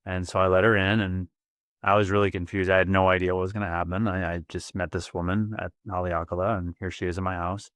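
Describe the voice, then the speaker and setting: A man as a podcast guest, telling a personal story in an earnest, vivid and excitable way, often repeating words. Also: sits low, fast talker, no echo.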